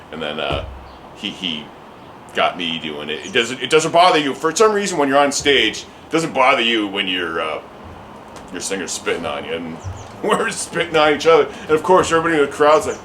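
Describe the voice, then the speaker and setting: A man's voice: mid-range voice, a bit bright, slight background noise, low-quality recording. A man, a musician telling a story in an interview, rambling with many restarts and casual swearing. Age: 40s.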